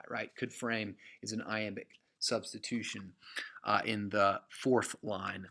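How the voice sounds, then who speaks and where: A man's voice: on the low side, fairly even intonation, a little slow, a bit bright. A man teaching a recorded literature lecture in a casual, conversational way, full of fillers and frequent "okay?" check-ins.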